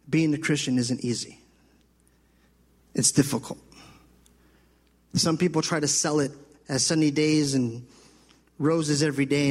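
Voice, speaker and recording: High-voiced husky preacher in a church hall. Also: male voice. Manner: animated preaching, acts out voices of children and God. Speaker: pastor. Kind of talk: sermon.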